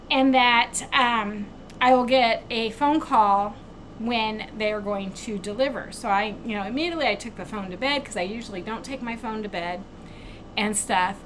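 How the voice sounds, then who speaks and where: Woman vlogger chatting at home, high bright voice, bit of room noise behind. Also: rough recording. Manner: animated retelling, acts out quoted exchanges. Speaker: craft channel host. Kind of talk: casual storytelling vlog.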